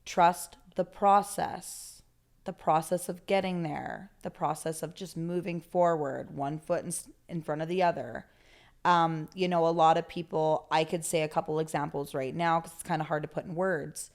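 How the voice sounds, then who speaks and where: Candid, low-voiced woman guest. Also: moderate pace. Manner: candid, swears freely, animated storytelling. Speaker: podcast guest, therapist. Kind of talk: casual conversational interview.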